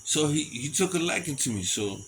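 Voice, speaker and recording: A middle-aged man telling stories in a casual monologue, animated and chuckling often between them. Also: on the high side, a little fast, slight background noise, rough recording. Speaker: storyteller.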